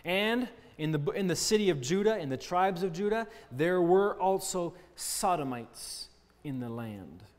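A man's voice: high-pitched, expressive, a little slow, darkish tone. A man teaching children a Bible lesson in an earnest, explaining way, often asking them questions. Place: church hall. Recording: long church-hall reverb.

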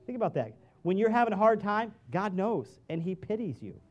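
A middle-aged male pastor giving a conversational sermon in a church, moving between quiet asides and loud, emphatic peaks. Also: sits high, very animated, fairly quick, lo-fi sound. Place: church sanctuary.

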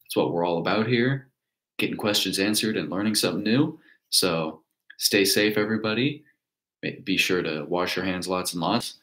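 A man hosting a casual livestream, answering viewer questions in a relaxed, rambling way. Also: low-pitched, brisk, low-quality recording. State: hiccups. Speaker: livestream host.

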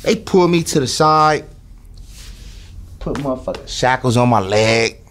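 A man's voice: mid-range voice, expressive, a little slow, a bit bright, a little hiss or hum. A man telling a jail story in an interview, swearing freely and acting out the voices of guards and inmates. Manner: swearing, acts out voices in quotes. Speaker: interview guest. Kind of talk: animated storytelling.

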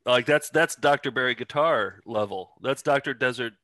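A man co-hosting a casual comedy chat, always teasing the others in playful banter. His voice is bright and mid-pitched. The sound is dry and close. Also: moderate pace, no room sound. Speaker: co-host.

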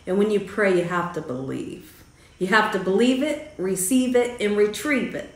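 A woman's voice: on the low side, animated, moderate pace. A woman hosting her own vlog, telling a family story in a chatty, faith-filled way. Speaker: cooking channel host. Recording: roomy echo.

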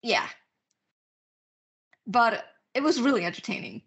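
A woman's voice: on the high side, wildly swooping pitch, measured pace, fairly bright tone. A woman co-hosting a podcast in casual chat, swearing freely and laughing, with many fillers. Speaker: podcast co-host. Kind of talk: casual chat about books and films.

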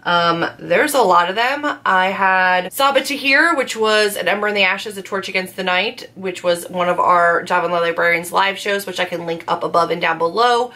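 A woman's voice: on the low side, normal speed, few pauses, pushed and bright. A young woman hosting a casual book vlog from home, gushing with enthusiasm about her favorite reads. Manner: gushing, enthusiastic, lots of "like" and "so amazing". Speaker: booktuber host.

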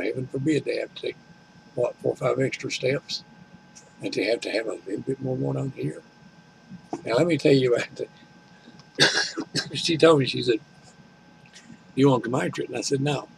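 A man's voice: medium pitch, a little fast, vocal fry, long pauses, slight background noise, rough recording. An older man, telling a rambling, complaining story at home and retelling conversations in a folksy way. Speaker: vlogger.

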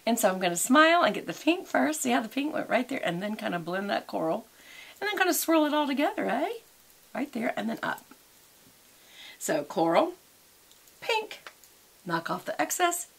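A woman's voice: fairly high pitch, very animated, moderate pace, creaky, long pauses, fairly bright tone, slightly rough. A middle-aged woman with a drawl talks through her makeup routine in a loose, rambling way. She chats to her viewers like friends and drifts from topic to topic without any script. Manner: chatty, rambling, talks while applying makeup and eating. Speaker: beauty and lifestyle vlogger. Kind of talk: casual makeup and chat vlog.

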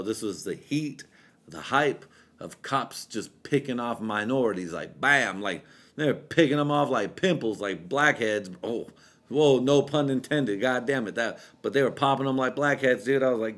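A man's voice: mid-range voice, lively intonation, a little slow, fairly bright tone. A young male podcast host who sounds tipsy as he talks. His storytelling is loose, rambling and heavy on profanity, with a casual chatting delivery. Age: young adult. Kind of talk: casual chat.

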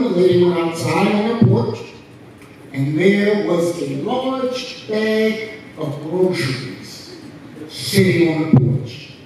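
High-voiced preacher in echoey church. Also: male voice, a little mellow, recorded from a distance, slight background noise. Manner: call-and-response with congregation. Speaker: pastor. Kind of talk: sermon. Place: church sanctuary.

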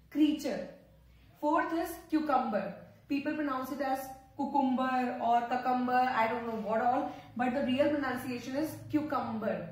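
Woman teaching, echoey and distant. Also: high-pitched. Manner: repeats words slowly, mixes Hindi explanations. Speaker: English teacher, channel host. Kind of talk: pronunciation lesson. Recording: very echoey room, far from mic.

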